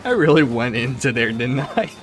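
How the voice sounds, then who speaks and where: A man's voice: mid-range voice, sing-song, moderate pace, music in the background. A man streaming a game who chats casually, laughs often and talks to his viewers. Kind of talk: casual live-stream chat.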